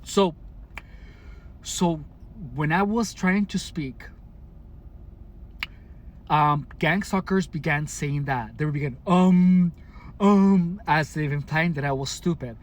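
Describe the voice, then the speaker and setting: There's slight background noise as a fairly high-voiced man, a Mexicali vlogger, shares his experiences casually with the camera. He keeps restarting and dropping fillers, yet pronounces his words with deliberate care.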